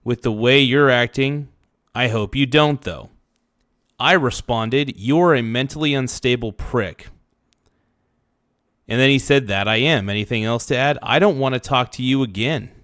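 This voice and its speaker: Man, livestream rant, heated and profane, medium pitch, dry close sound. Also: fairly bright tone, no echo. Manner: heated, profane, reads messages aloud and rants. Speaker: streamer.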